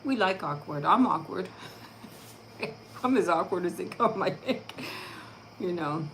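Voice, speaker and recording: A woman's voice: on the low side, animated, slow, a bit bright, slight background noise, poor audio. A woman hosting her own channel, chatting casually and affectionately with viewers during a live stream. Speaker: channel host.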